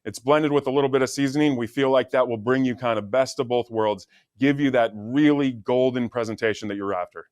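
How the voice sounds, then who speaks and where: A man's voice: mid-range voice, a little fast, darkish tone, smooth, no room sound, studio quality. A man who is an executive chef, answering easygoing questions as a guest on a TV interview. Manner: easygoing, with fillers and restarts.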